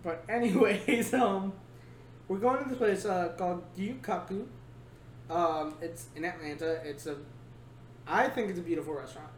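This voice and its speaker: A man's voice: high voice, moderate pace. A man hosting a casual podcast chat, joking and laughing often as he rambles. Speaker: podcast host. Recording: echoey room, faint noise.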